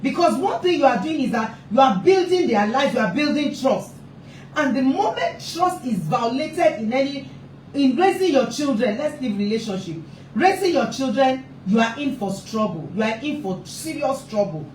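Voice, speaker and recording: A woman's voice: high voice, expressive, normal speed, a little mellow. A woman with a slightly raised voice gives an impassioned talk on parenting, hammering her points through repetition. She sits back from the mic in an echoey space, with a faint hum of ambience behind her. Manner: emphatic, repeats points for stress. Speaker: family therapist and parenting speaker. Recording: roomy echo, distant mic, faint ambience.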